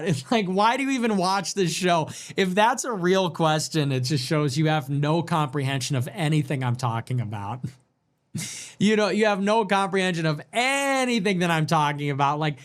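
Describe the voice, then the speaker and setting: A man hosting a livestream, reading and answering viewer messages in a sarcastic, mocking way that swings between loud outbursts and low mutters. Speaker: livestream host. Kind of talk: livestream commentary reading super chats.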